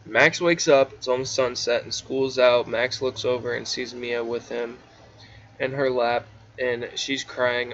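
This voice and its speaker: A man's voice: mid-range voice, level tone, measured pace, fairly bright tone. A man reading his own story aloud in a casual, drowsy, offhand way, stopping for asides and restarts. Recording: dull lo-fi recording with faint hiss.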